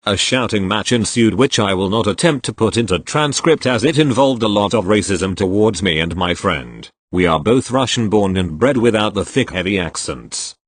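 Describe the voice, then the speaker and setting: Man reading stories aloud, low voice, lively pitch, dry close sound. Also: no room sound. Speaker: reader of online posts.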